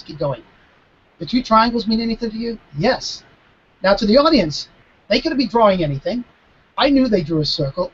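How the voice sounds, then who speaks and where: A man in his fifties, a mentalist guest, explaining his craft in a live video Q&A with emphatic, animated storytelling and frequent restarts. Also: high-pitched, highs cut off, slight background noise. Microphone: video call.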